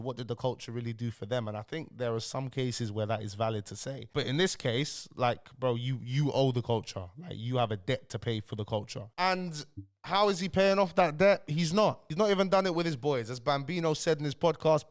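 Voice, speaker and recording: A young man giving blunt, heated reaction commentary, sounding ill. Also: medium pitch. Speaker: YouTube commentator.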